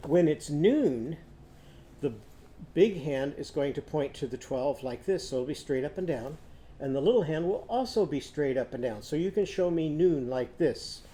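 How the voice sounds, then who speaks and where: A man's voice: fairly high pitch, lively intonation, moderate pace, mellow. A man teaching a children's literacy lesson, patient and sing-song, often singing lines for kids to repeat.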